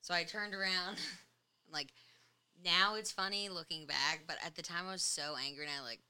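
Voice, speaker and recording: A young woman from New York hosting a casual chat, an animated storyteller who laughs often. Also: lowish voice, moderate pace, smooth. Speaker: podcast host.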